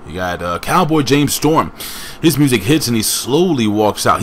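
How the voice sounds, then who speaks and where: A man's voice: mid-range voice, expressive, moderate pace, slight background noise. A man casually reviewing a wrestling show, rambling with joking asides and chatting to a friend off camera.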